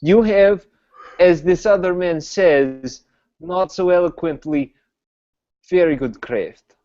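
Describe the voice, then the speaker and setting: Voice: mid-range voice, slow, mellow, lo-fi sound, pitched above the performer's own voice, natural voice. A player voicing a proud, condescending foreign male noble who speaks in broken English and drops his articles. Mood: grandly approving.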